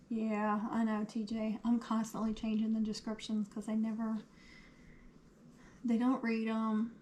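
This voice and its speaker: A woman hosting a casual craft livestream, her voice a little hoarse, chatting and answering viewer comments as she works. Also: a little high, monotone, measured pace, pauses often, warm tone, a little hiss or hum. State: losing her voice.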